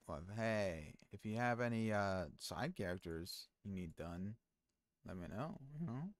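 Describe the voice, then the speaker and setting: Man, low voice, dry close mic, rambling casual stream talk, lots of fillers. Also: expressive, measured pace, dry recording. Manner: rambling, many fillers and restarts. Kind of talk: casual stream chat, reading chat aloud.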